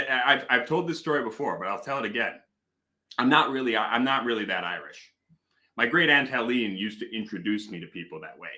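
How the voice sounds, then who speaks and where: A man hosts a casual live stream from home, chatting into a desk microphone. His voice is bright and his pitch moves all over. He rambles playfully and tells stories in a mock-serious way. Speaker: host.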